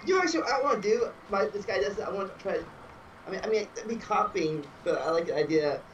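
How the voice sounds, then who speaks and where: A man co-hosting a casual gaming podcast, musing aloud in halting, restarting phrases. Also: sits high, expressive, far from the mic, lo-fi sound, a little hiss or hum.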